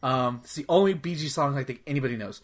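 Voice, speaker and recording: A man's voice: medium pitch, fast talker. A man co-hosting a podcast, chatting casually about video games, rambling with lots of "like" and swearing freely. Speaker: podcast co-host. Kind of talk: casual gaming chat.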